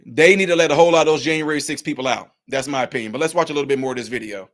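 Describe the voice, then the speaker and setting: A man giving a heated, preachy political commentary vlog, rising at times to shouts. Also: mid-range voice, very fast. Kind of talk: ranting video commentary.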